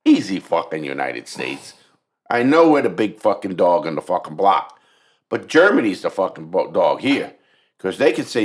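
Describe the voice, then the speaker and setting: A podcast co-host talking politics in casual chat, blunt and swearing a lot. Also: male voice, deep voice. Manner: blunt, heavy swearing, animated.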